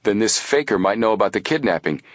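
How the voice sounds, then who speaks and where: A man's voice: fairly low pitch, expressive, quick pace, dry recording. A man voicing an earnest, level-headed teenage boy detective in an audiobook. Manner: earnest, reasoning.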